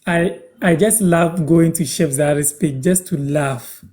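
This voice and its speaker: A man's voice: on the high side, darkish tone. Ghanaian man teaching words on a live stream. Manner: repeats phrases slowly for learners. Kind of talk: casual live-stream language lesson.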